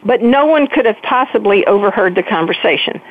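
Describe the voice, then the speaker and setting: An older woman, a guest author, telling her story with animated emphasis in a phone-in interview. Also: mid-range voice, brisk. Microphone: telephone. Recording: tinny phone line.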